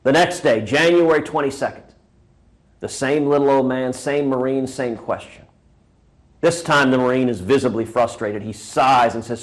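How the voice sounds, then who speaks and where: Brief: male candidate, punchy stump-speech greeting, mid pitch. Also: moderate pace. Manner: rallying, punchy repetitions. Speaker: presidential candidate. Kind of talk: recorded New Year greeting with a joke.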